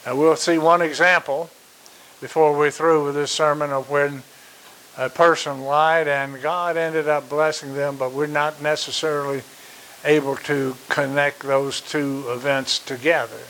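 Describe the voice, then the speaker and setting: A man preaching a sermon. He speaks slowly and deliberately, stresses his key points by repeating them, and pauses on fillers. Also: fairly high pitch, little pitch movement, fairly bright tone, slight background noise, low-quality recording.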